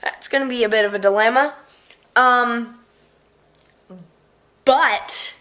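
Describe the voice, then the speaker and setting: A woman's voice: fairly high pitch, fairly even intonation, a little slow, long pauses, bright, forceful tone. A young woman from Canada with a girlish voice, chatting casually to the camera at home, easily distracted and giggly. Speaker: vlogger. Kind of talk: casual chat.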